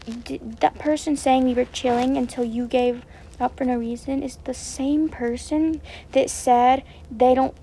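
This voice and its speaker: Woman streamer, upset commentary, rambling and repetitive, higher pitch, mellow tone. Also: gravelly, slight background noise, poor audio. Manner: rambling, repetitive, with many fillers and restarts. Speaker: game streamer.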